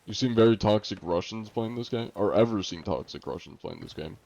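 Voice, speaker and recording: A man's voice: fairly low pitch, a little fast, creaky, a little mellow, muffled recording. A man streaming a game and chatting casually with viewers, laid-back and sarcastic. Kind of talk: casual gameplay chat with viewers.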